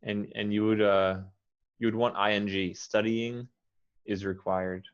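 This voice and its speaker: A man with an American accent, an English teacher patiently coaching pronunciation and modeling words slowly. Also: fairly low pitch, flat delivery, clear, resonant tone, highs cut off.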